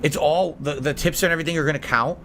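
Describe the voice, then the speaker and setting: A man's voice: on the high side, fairly even intonation, fast, fairly bright tone, a little hiss or hum. A man hosting a live-stream podcast who chats casually with his viewers, reading out their messages and answering them with blunt sarcasm.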